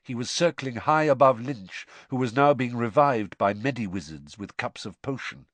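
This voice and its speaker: A man reading a novel aloud in an expressive, dramatic storytelling style. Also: mid-range voice, normal speed, dry recording. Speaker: audiobook narrator. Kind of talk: expressive scripted narration.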